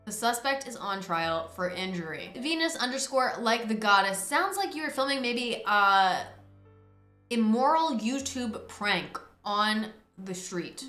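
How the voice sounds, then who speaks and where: A streamer playing a courtroom judge game offers playful commentary in a bright, fairly high and expressive voice. Her theatrical style swings quickly into loud exclamations, and the recording has a roomy echo with faint music.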